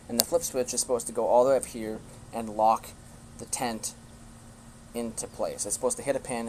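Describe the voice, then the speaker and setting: A man's voice: medium pitch, darkish tone, slight background noise. A young man ranting casually on a live stream, blunt and profane, often restarting his sentences.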